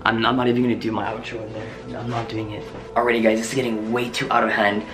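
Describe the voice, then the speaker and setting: A man's voice: lowish voice, flat delivery, fast talker. Panicky young man vlogging. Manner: panicky, exclaims often. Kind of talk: casual scared vlog. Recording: music playing underneath.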